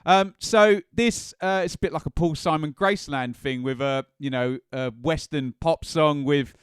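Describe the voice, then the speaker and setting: Chatty man with a smooth voice. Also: a little high, normal speed, no room sound, clean studio sound. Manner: chatty and enthusiastic, with frequent ums. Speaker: music and football channel host. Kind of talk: casual ranked countdown commentary.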